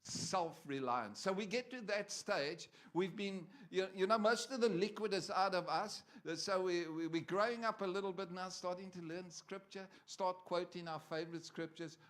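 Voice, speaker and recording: A man's voice: high voice, moderate pace, few pauses, fairly bright tone. A man preaching a sermon to a church congregation, conversational and joking with the people in front of him.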